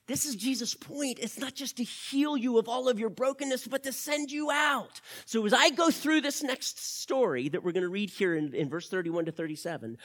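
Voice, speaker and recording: A male pastor preaching a teaching sermon, swinging from loud emphasis to quiet asides and asking the audience questions. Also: high voice, animated, normal speed, few pauses, no room sound, studio quality. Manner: asks the audience direct questions.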